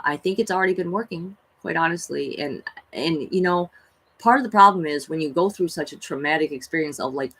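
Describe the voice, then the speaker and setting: A woman's voice: deep voice, fairly bright tone, rough recording. A woman who streams tarot readings tells spiritual stories in a casual, rambling, chatty way, full of fillers and gushing awe. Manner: gushing and awed when she talks about animals. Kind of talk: casual spiritual storytelling on a livestream.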